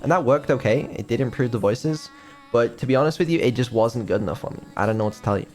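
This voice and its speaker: A man chatting casually on a stream as a developer, hesitant and filling pauses with ums, swearing now and then. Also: mid-range voice, a little mellow, faint music behind.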